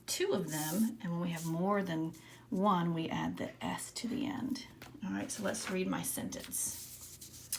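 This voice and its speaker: A woman's voice: lowish voice, vocal fry, slight background noise. A woman teacher giving a patient writing lesson to young children, sounding out letters and syllables one by one.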